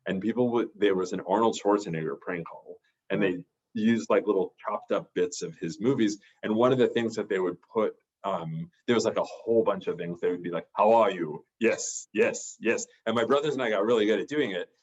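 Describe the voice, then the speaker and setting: A man's voice: deep voice, fairly quick, hardly any pauses, a little mellow, slightly rough, muffled recording. A man, a therapist, telling a personal story in a casual, rambling way with many restarts. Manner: rambling, full of restarts and fillers. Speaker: podcast guest, therapist.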